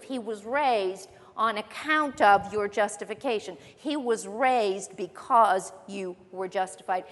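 A woman preaching a sermon, emphatic, slowing down to stress key phrases. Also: medium pitch, in a large hall.

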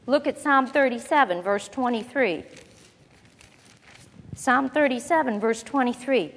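High-voiced woman teaching Bible in a reverberant hall. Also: animated, a little slow, long pauses. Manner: chatty, asks the audience rhetorical questions.

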